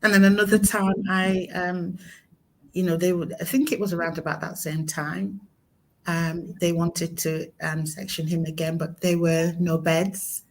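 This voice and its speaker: Middle-aged woman guest, very low voice, halting emotional storytelling. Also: little pitch movement, a little hiss or hum. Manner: halting, many fillers and restarts. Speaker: guest, mother of a son with mental illness. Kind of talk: emotional personal story in conversation.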